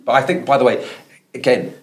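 A man's voice: mid-range voice, steady tone, a little fast. A man from London with a Thames Estuary accent, a professor speaking as a guest on a podcast, earnest and thinking aloud with frequent restarts. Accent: Thames Estuary English. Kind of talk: conversational podcast interview.

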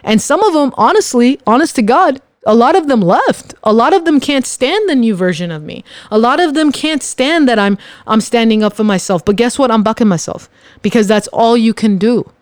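Podcast host, motivational monologue, emphatic, repeats lines for punch, smooth voice, dry close sound. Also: medium pitch, lively intonation, moderate pace, dry recording. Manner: addresses listeners directly.

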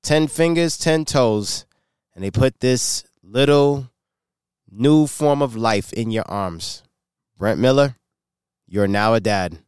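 A man's voice: mid-range voice, takes it slowly, a little mellow, clean tone, no room sound, clean studio sound. A male interview host who sets the scene like a story before asking his questions. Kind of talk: interview hosting.

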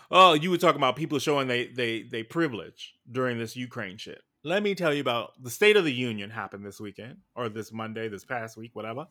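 A man co-hosting a podcast, sassy and animated in casual chat, quick to call people names. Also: medium pitch. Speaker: podcast co-host.

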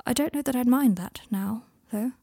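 Brief: woman reader as an emotional young wizard man, gravelly and dry. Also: on the high side, moderate pace, warm tone, dry recording, voice pushed up. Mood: subdued.

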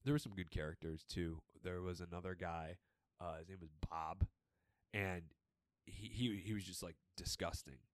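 A young man co-hosting a podcast, chatting casually and telling animated, swear-filled stories about old jobs. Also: deep voice, moderate pace, no echo. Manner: animated storytelling, swears freely. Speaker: podcast co-host. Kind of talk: casual chat.

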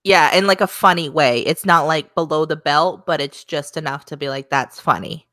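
A woman's voice: sits low, moderate pace, a bit bright, dry recording. A young woman co-hosting a podcast, recapping a show in an easygoing, chatty way. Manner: easygoing, chatty narration with quoted lines. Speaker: podcast co-host. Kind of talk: casual recap chat.

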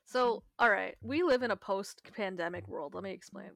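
A young woman co-hosting a podcast, telling a long story in casual chat, animated and full of swearing and laughter. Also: mid-range voice, moderate pace, vocal fry, no echo, studio quality. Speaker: podcast co-host.

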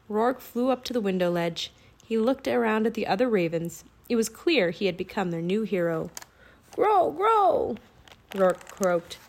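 A woman narrating a children's audiobook with clear, expressive storytelling. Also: mid-range voice.

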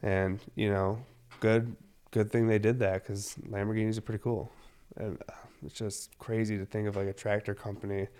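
Man, 30s, low voice; loose, filler-heavy, profane vlogger chat. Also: level tone, moderate pace, darkish tone, clean tone. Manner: loose, rambling, heavy on fillers, swears often. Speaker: cannabis vlogger. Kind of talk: casual rambling monologue.

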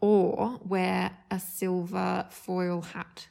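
A woman's voice: lowish voice, level tone, drawn-out words, gravelly, mellow. A woman co-hosting a casual chat podcast, rambling and saying "like" a lot. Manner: rambling, heavy use of "like", restarts. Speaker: podcast co-host.

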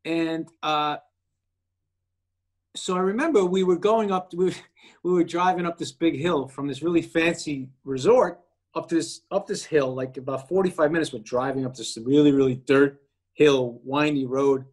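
Male actor guest, higher pitch, animated storyteller. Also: normal speed. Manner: animated storyteller acting out quoted voices. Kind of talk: casual storytelling.

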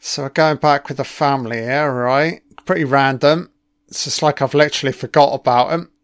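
A man's voice: medium pitch, steady tone, normal speed, dry recording, clean studio sound. A man giving a casual first-watch film commentary, reacting with profane, sarcastic remarks.

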